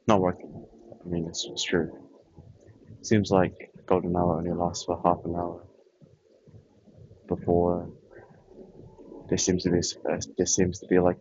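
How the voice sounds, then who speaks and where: A man's voice: sits low, warm tone, husky, lo-fi sound. A young man chatting casually and rambling offhand while playing a game as a vlogger. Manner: rambling, offhand, trails off often. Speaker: gaming vlogger.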